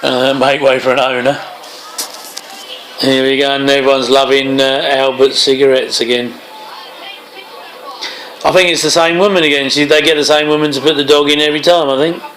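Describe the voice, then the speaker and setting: A man's voice: medium pitch, little pitch movement, moderate pace, long pauses, fairly bright tone, rough recording. A man giving casual movie commentary, full of chatty wry asides and chuckles. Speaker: film commentator.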